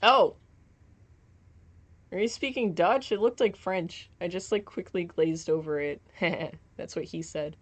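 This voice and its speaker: A woman's voice: lowish voice, unhurried. A young woman streaming from home, chatting casually while gaming, giggling and joking as she reads chat aloud.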